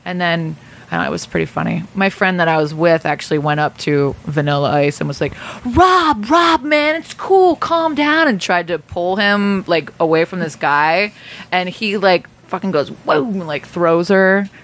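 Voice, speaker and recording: A woman in her thirties in casual chat, an animated storyteller who swears freely and laughs often. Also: on the low side, normal speed.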